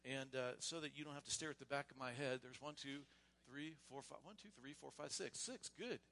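A man serving as pastor, leading a church membership service in a loose, casual way and then reading vows and creed in a measured voice. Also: mid-range voice, creaky, slight background noise. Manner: casual and warm, with frequent restarts; reads liturgy aloud in a measured voice. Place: church sanctuary.

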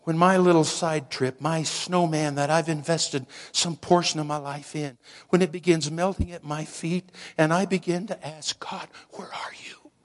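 A man preaching a sermon slowly and dramatically, dropping at times to a hushed near-whisper for emphasis. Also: a little high, steady tone. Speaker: pastor.

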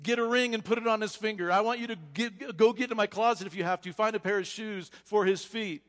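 A man voicing an overjoyed father who calls out loud orders to his household, in a sermon with long church reverb. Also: medium pitch, lively intonation, slow pace. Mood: joyful, commanding. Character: overjoyed father shouting welcome to returned son.

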